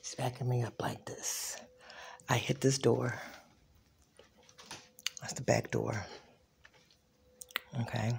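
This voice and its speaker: An adult vlogger casually recounting a personal altercation while walking through a home, often dropping into a hushed whisper and acting out the quoted lines. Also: medium pitch, level tone, slow pace, pauses often, slight background noise. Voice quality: raspy, gravelly. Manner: reenacts quoted dialogue. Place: inside a home.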